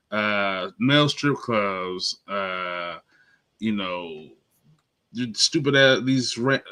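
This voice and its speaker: A man's voice: lowish voice, pushed and bright. A man from Nashville co-hosting a casual movie and TV review podcast, ranting emphatically and swearing freely. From Nashville, Tennessee. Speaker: podcast co-host.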